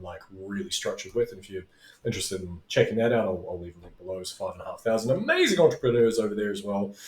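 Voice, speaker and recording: A middle-aged man, teaching as a business coach in a casual, rambling way, with tangents and swearing. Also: fairly low pitch. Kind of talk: casual talking-head video lesson. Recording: roomy echo.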